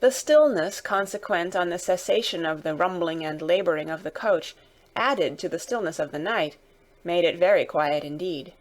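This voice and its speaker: A woman narrating a classic novel, reading dramatically and raising her voice for the characters' shouted lines. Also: fairly low pitch, moderate pace.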